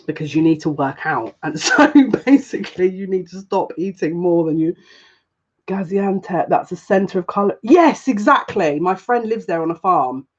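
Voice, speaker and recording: A woman's voice: lowish voice, moderate pace, husky. A woman giving a casual live tarot reading as a psychic, chatty and rambling with frequent giggles. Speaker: psychic reader. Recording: dull lo-fi sound.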